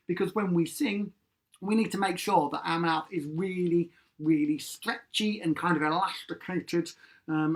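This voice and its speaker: Guy doing vocal warm-ups from his sofa at home, chatty, playful, lots of ums. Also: high-pitched. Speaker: musical theatre singing leader. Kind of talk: live-streamed singing warm-up lesson. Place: home living room, seated on a sofa.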